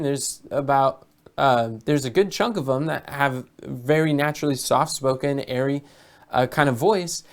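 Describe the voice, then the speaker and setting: A man talking as a business coach in a casual monologue, telling stories and often repeating or restarting his words. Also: a little high. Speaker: business coach for health educators.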